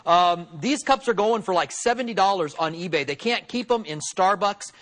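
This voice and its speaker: A man with a high-pitched voice delivers a sermon to his church. He preaches in a relaxed, conversational way, with small fillers and restarts. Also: normal speed. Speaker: pastor.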